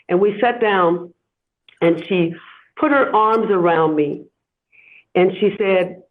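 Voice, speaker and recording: Reflective woman on a tinny line. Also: mid-range voice. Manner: slow, reflective, heartfelt. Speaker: guest, daughter and caregiver. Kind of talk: candid podcast conversation.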